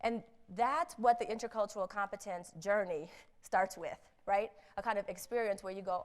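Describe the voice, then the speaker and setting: A woman speaker on intercultural competence, telling a personal story in a lively way, acting out the people she quotes and laughing at herself. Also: mid-range voice, normal speed. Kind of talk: storytelling talk.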